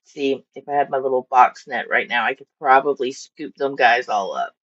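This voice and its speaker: Her voice is extremely low in pitch and a bit bright, at a normal speed, as this woman chats on a home live stream about her fish tanks. She rambles casually and voices her fish in silly ways, all in dull lo-fi stream audio.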